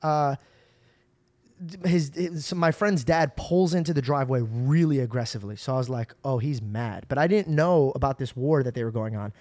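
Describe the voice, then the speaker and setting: A man hosting a podcast, telling long stories in a casual, animated way and acting out other people's lines. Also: medium pitch, brisk, no echo. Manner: animated, acts out quoted voices, swears freely. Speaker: podcast host. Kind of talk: casual storytelling chat.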